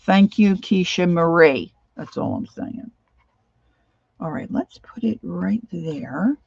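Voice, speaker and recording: A sleep-deprived woman talks her way through a craft project, wandering from thought to thought and humming snatches of song. Her voice is dark and gravelly, and her pace is slow and unhurried. The recording sounds dull and lo-fi. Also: lowish voice, animated, dry recording. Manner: rambling, sings and hums to herself while working. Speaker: crafting vlogger. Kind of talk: casual crafting chat.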